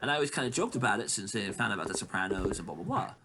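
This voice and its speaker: A man's voice: on the low side, rapid-fire. A man co-hosting a casual chat podcast, rambling through profane stories. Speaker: podcast co-host. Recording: steady background noise.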